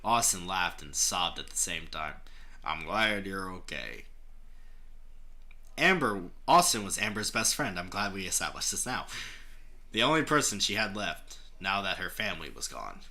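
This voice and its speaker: A man's voice: sits low, sing-song, moderate pace, bright, forceful tone. A young man reading fan fiction aloud in a mocking way, laughing often, swearing and breaking off to make fun of the writing. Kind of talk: mocking dramatic reading with banter.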